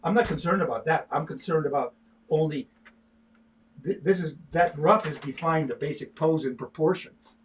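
A man's voice: on the high side, normal speed, a little hiss or hum. An older man, an artist, chatting casually during a livestream as he sketches, talking in a stop-start way with many repeated words. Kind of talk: casual livestream chat while drawing.

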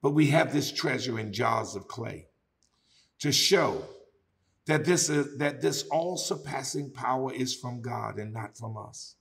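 A man preaching a Bible study, swinging from loud exclaims to hushed tones and calling out to his listeners. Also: mid-range voice, a little slow, gravelly. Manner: calls out to listeners, drawing out key words. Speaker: bishop and Bible study teacher.

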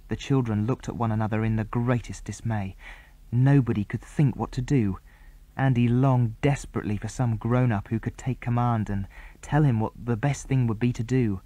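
Mellow male storybook narrator. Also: medium pitch, moderate pace, no echo. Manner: clear, even storytelling. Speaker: audiobook narrator.

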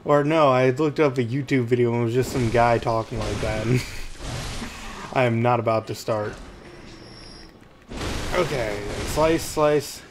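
A man giving rambling gameplay commentary at home, chatty and quick to yelp when the game gets tense. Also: medium pitch, little pitch movement, background noise. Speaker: let's play host.

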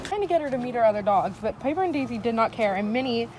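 A woman's voice: a little high, expressive, quick pace. A woman hosting a casual vlog from home. She chats, giggles and talks to her puppy. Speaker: vlogger host. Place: home bedroom, indoors.

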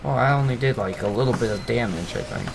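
A young man giving casual, rambling commentary over his own gameplay, teasing himself and breaking into excited outbursts. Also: medium pitch, fast talker, creaky, noisy background.

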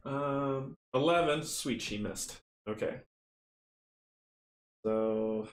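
A man casually running a board game playthrough, chatty and excitable, counting dice rolls aloud. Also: medium pitch, slow, pauses often. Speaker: tabletop game runner and player. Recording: roomy echo, faint noise.

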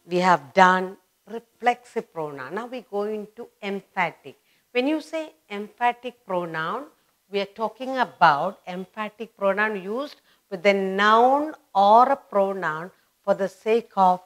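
Lady teaching grammar to beginners, super slow, says everything twice. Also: mid-range voice, expressive. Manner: repeats words and phrases slowly for emphasis.

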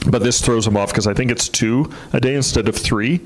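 A man's voice: mid-range voice, fairly quick, poor audio. A man, a pastor telling a story in a sermon in a casual, rambling way with many fillers and restarts.

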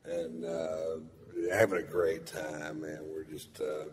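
A man's voice: rumbling low, completely flat delivery, slow pace. A middle-aged man doing stand-up comedy, telling a profane story in a drawling, rambling way from a theater stage. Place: large theater stage with audience. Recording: live theater recording with long reverb.

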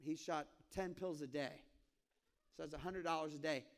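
A man preaching a sermon as pastor, telling stories in an animated way and acting out voices with sudden high squeaks. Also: normal speed. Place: church sanctuary.

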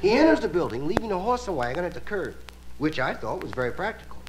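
A male stand-up comedian telling stories with a relaxed drawl and playful asides. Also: sits high, fast. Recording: hissy live album recording.

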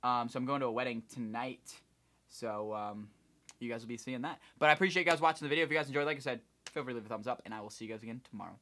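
A young man from Ohio, a vlogger telling a rambling, animated story with lots of swearing. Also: medium pitch, racing. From Ohio, United States. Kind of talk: casual storytelling vlog.

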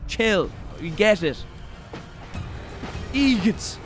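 Swearing Irish streamer, high and lively. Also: male voice, normal speed. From Ireland. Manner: swearing, mocking, jumps into loud impressions. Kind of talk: casual live-stream gameplay commentary. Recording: stream mic over game music.

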